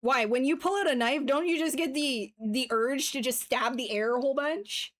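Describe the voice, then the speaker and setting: Female streamer, higher voice, casual jokey chatter with swearing, tutorial asides. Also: normal speed, a bit bright. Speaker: livestreamer sculpting digital art. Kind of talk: casual chat while demonstrating software.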